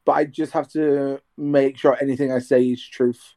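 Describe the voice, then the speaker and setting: This young man's voice is mid-range and warm, level in tone and moderately paced. He's on a video call in his half-decorated bedroom, chatting casually and rambling with restarts about his training as a radio presenter.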